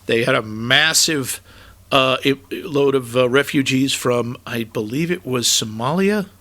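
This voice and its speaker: A man's voice: mid-range voice, measured pace, pushed and bright. A man from New England co-hosting a film podcast, chatting in a rambling way with many restarts. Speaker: podcast co-host. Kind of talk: casual film chat.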